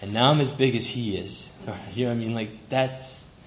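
A man's voice: medium pitch, moderate pace. A young man speaking at a memorial, sharing fond, heartfelt stories about a family friend and chuckling through them. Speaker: family friend giving a tribute. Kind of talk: memorial tribute speech. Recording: roomy hall with faint ambience.

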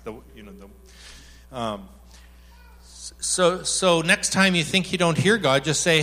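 A man preaching a sermon in a lively, joking way, telling stories and acting out quotes as he talks to a congregation. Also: on the high side, a little slow. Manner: animated and joking, acts out quotes. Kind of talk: sermon with storytelling.

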